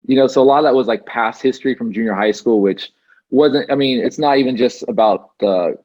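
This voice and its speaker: A man's voice: medium pitch, a little fast, darkish tone, lo-fi sound. A man as an interview guest, telling his story casually with many fillers and restarts over a video call. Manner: rambling with frequent fillers and restarts.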